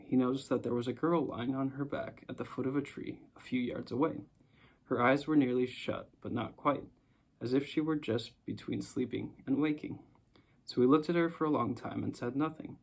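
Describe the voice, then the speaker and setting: A man narrating a storybook chapter in a calm, measured reading. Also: mid-range voice, vocal fry. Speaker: audiobook narrator.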